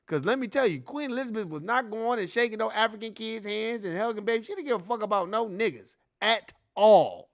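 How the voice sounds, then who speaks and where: A man's voice: sits high, fairly quick, hardly any pauses. A man giving a heated, profane reaction commentary in a casual, repetitive ranting style.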